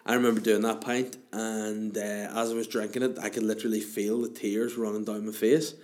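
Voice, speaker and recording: A man's voice: on the low side, flat delivery, brisk, darkish tone. A man, hosting a casual chat show and answering listener questions in a rambling, crude, self-mocking way.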